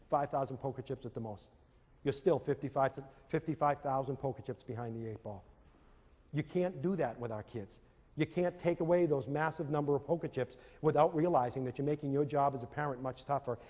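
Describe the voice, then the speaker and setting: A man giving a motivational talk to parents and teachers, telling animated stories and acting out scenes. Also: fairly high pitch. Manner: animated storytelling, acts out scenes. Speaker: speaker. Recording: long hall reverb.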